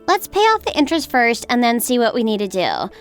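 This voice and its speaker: A woman's voice: fairly high pitch, sing-song, brisk, clean tone, faint music behind. A woman voicing a stressed, defensive young mother in a dramatized story. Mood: upset. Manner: pleading, defensive.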